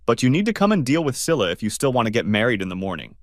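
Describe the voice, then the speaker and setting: Impatient young woman friend, put on by a man, storybook reading, blunt, animated pitch. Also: racing, no echo, studio quality. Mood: urgent.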